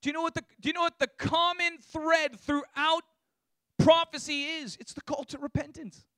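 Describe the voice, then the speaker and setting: A man preaching a sermon with passion, building to shouts. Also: extremely high pitch, fairly even intonation, normal speed, no room sound, clean studio sound. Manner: impassioned, rising to shouts.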